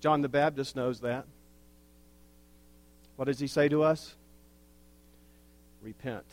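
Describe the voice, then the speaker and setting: A pastor delivering a sermon in a slow, earnest way, with wry asides. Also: male voice, mid-range voice, fairly even intonation.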